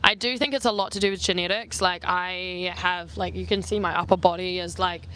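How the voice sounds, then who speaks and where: A woman's voice: fairly low pitch, steady tone, a bit bright. A young woman from New Zealand, a travel vlogger answering viewer questions in a casual, rambling chat full of "like". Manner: chatty, heavy use of "like", quick asides. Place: outdoors on an island.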